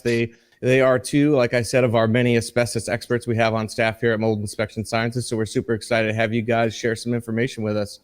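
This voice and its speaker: A man's voice: medium pitch, smooth. A man guest-hosting a live podcast from a studio, upbeat and friendly as he introduces his guests. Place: studio in Texas.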